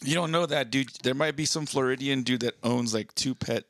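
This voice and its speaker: A man's voice: medium pitch, a little fast, a bit bright, no echo, studio quality. A man co-hosting a podcast, chatting casually in a playful, crude way. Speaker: podcast co-host. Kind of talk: casual chat, reading news aloud.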